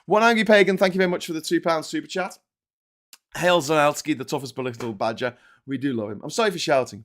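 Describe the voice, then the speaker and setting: A man's voice: fairly high pitch, animated, fast, fairly bright tone. A man with a Liverpool accent hosting a live political stream, ranting angrily with heavy swearing and rhetorical questions. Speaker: political commentary host.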